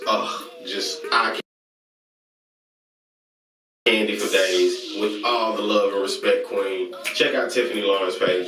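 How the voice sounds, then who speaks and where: A man hosting a casual vlog, excitedly giving shout-outs and chanting catchphrases. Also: on the low side, noisy background. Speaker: host reviewing online comedy channels. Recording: roomy echo, mic at a distance, music behind.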